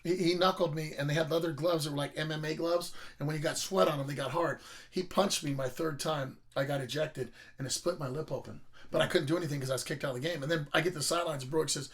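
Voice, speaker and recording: Man, middle-aged, gravelly voice, a bit high, rambling profane storyteller. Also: steady tone, fast. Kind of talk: casual storytelling.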